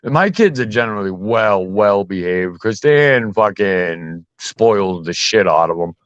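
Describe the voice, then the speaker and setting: A man's voice: on the low side, animated, unhurried, no echo. A man talking in a casual podcast chat, blunt, heated and full of swearing. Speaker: podcast host. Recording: dull muffled dry sound.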